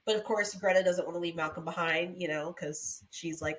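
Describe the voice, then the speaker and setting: A woman co-hosting a podcast, casually retelling a horror film's plot with lively quoted voices. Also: fairly low pitch, fairly quick, a little hiss or hum. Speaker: podcast co-host. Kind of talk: casual movie recap chat.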